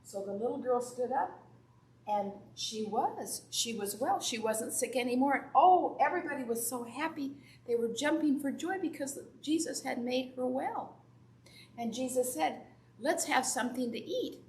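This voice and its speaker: A woman's voice: high voice, expressive, moderate pace, a little mellow. A woman Sunday school teacher telling a Bible story to children and asking them questions. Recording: echoey room from far off, faint background noise.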